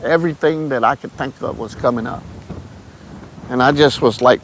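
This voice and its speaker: A man's voice: medium pitch, normal speed, slight background noise. A man, telling his testimony in a casual, emotional way and often calling the listener "man". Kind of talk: casual storytelling.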